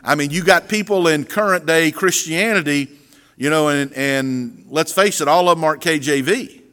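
A man's voice: on the high side, normal speed, bright, forceful tone. A middle-aged man preaching an earnest sermon as pastor, often repeating words as he restarts his phrases. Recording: long reverb of a large hall.

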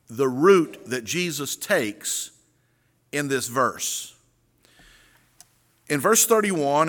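A middle-aged man, a pastor telling a story and then reading scripture in a sermon, folksy and deliberate. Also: medium pitch, pushed and bright. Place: church sanctuary. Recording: reverberant sanctuary.

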